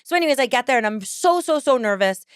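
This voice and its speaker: A woman podcast host telling a personal story in casual chat, animated, laughing often and acting out other people's lines. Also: high voice, fast, smooth, dry recording, studio quality.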